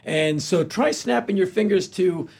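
A man in his sixties talks as a guest on a podcast. His voice is gravelly and a little husky, and he acts out everyone he quotes as he tells his stories. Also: sits high, unhurried. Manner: animated storyteller acting out quoted people. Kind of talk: casual storytelling chat.

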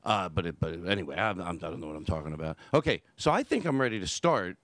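A male podcast host chatting casually, his pitch leaping up and down as he rambles and restarts his sentences. The sound is close and dry, with no room echo. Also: fast talker. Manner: rambling, animated, self-interrupting. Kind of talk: casual chat. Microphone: headphones and studio mic.

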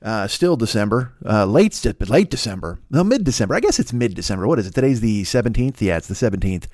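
A man's voice: lowish voice, sing-song, quick pace, a little mellow, dry recording, clean studio sound. A man hosting a comedy podcast, delivering a boastful, crude, mock-seductive monologue about his own voice. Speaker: podcast host.

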